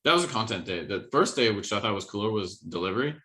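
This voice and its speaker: A man's voice: lowish voice, lively intonation, fast talker, pushed and bright. A young man co-hosting a podcast in casual chat, talking in a rambling, hesitant way with lots of fillers. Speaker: podcast co-host.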